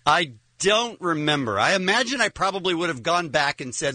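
A man co-hosting a radio show, telling a story about himself in excited, animated banter. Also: fairly high pitch, moderate pace, hardly any pauses, dry recording. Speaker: radio co-host. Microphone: studio microphone.

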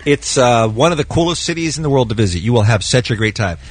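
A man co-hosting a morning radio show, chatting quickly about award shows. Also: medium pitch, lively intonation, breathy edge. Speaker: radio co-host. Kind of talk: entertainment news chat.

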